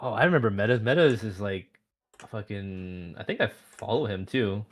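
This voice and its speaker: A man chatting casually on a stream, swearing often and working himself up into loud rants. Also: lowish voice, normal speed, faint music behind. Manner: swears a lot, gets loud and ranty. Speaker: animator streaming. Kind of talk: casual chat.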